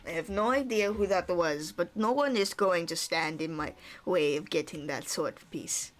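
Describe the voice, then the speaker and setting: A woman voicing a gruff, short-tempered man who hoards treasure, talking in a threatening, blustery way. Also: on the low side, normal speed, faint music behind, natural voice. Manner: threatening, blustery, with a half-tried tough-guy accent.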